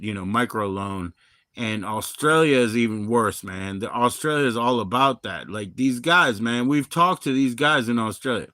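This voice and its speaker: A man from Maryland, in middle age, hosting a rambling, profane livestream chat that swings from loud bursts to low mumbles. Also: moderate pace, dry recording, clean studio sound. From Maryland, USA. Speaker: livestream host.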